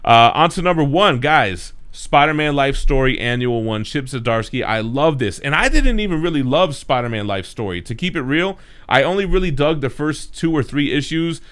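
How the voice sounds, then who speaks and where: A man's voice: mid-range voice, animated, moderate pace, fairly bright tone, smooth. A man hosting a comic book channel, talking in a laid-back, slangy way as he reviews the week's comics. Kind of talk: casual review chat.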